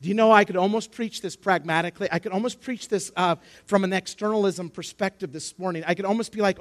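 A man preaching a sermon, building to impassioned, shouted emphasis with repeated rhetorical questions. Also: sits high, steady tone, fast talker, hardly any pauses.

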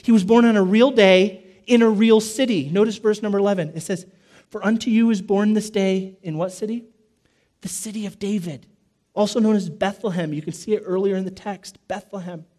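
A man preaching a sermon in an emphatic, repetitive way, slowing to stress key phrases and dropping his voice low. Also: steady tone, warm tone. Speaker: pastor.

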